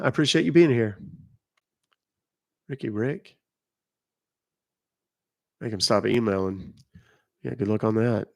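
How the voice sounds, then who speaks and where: Gravelly-voiced man hosting a live stream. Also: medium pitch. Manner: chatty, reads out chat comments, explains rules. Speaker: livestream host. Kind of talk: casual live-stream chat with viewers.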